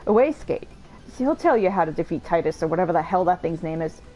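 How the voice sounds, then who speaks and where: Desperate young male fibber begging forgiveness read by a woman, rambling and pleading, swooping pitch. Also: lively intonation, quick pace, dark tone, faint music behind, natural voice, low-quality recording.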